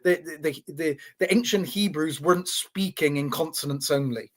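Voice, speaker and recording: A man with a slightly higher voice than most talks through an explanation in a loose, casual way. He stumbles and restarts often, repeats his words, and keeps checking in with his listener. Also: moderate pace. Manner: teaching tone, checks in with "right?". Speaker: podcast host.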